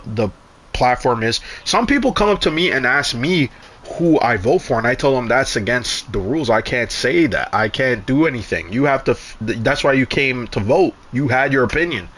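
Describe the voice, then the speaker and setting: A man's voice: medium pitch, animated, normal speed, fairly bright tone. Rambling young man, cursing. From Canada. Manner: rambling, profane storytelling with many restarts. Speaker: gaming streamer. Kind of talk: casual chat while gaming.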